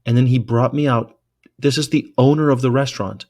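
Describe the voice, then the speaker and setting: A man talks straight to his audience in a loose, rambling vlog monologue. He swears freely and tells his stories in an excitable way, at a middle pitch. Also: fairly quick. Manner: profane, rambling, excitable storytelling. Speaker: vegan activist vlogger.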